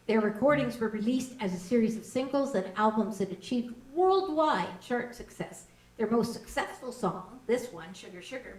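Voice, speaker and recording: A woman in her sixties hosting a home ukulele jam, chatty, laughing easily as she introduces songs and teaches a strum. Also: on the high side. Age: 60s. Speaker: host and song leader. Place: home kitchen. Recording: roomy kitchen, distant mic.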